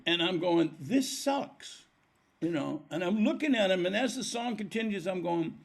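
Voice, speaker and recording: A man's voice: high-pitched, fairly quick, gravelly. An older man, a musician guest on a podcast, telling stories and acting out the voices of people in them. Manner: animated storyteller acting out quoted dialogue. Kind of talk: storytelling in a podcast interview.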